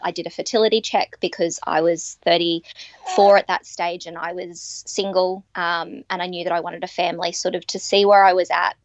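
A woman, telling her personal story as a podcast guest, earnest and halting with many ums and restarts. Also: fairly low pitch, no echo. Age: 30s. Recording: dry, dull lo-fi recording.

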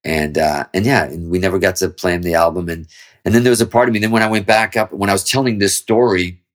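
A man with a deep, low voice talks quickly as a guest in a relaxed interview. He rambles through a story and swears freely. He often starts his sentences over. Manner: rambling, profane, with frequent restarts. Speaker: guest musician.

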